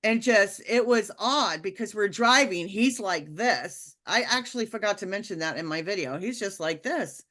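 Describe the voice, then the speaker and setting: A woman telling a personal story in a casual, animated way, with lots of fillers and restarts. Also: medium pitch, moderate pace, few pauses. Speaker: speaker sharing a personal testimony.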